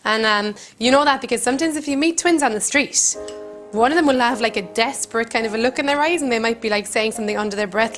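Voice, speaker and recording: Deadpan rambling Irish woman from Cork. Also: on the high side, fast talker, faint music behind. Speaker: comedian host. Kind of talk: deadpan comic monologue. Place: country kitchen.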